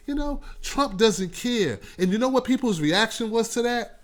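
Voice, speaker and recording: A male talk show host giving casual political commentary, animated and repetitive, often laughing. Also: high voice, moderate pace.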